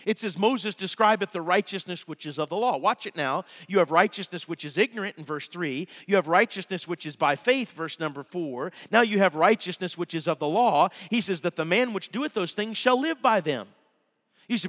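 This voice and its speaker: Male revival preacher, high-pitched, emphatic storyteller, church hall reverb. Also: expressive, normal speed, fairly bright tone. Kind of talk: revival sermon. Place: church sanctuary.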